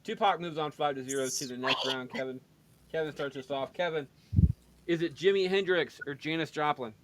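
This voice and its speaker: A man's voice: a little high, a little fast, a bit bright, slight background noise. A man hosting a casual podcast, joking and tripping over his words as he runs through the picks. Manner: joking, stumbles and repeats words. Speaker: podcast host running the bracket.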